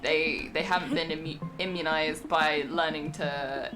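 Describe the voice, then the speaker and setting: Lady on a stream trailing off and restarting, lowish voice, music behind. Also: steady tone, measured pace. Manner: hesitant, repeats words, thinks aloud. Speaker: stream co-host. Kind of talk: casual reaction chat.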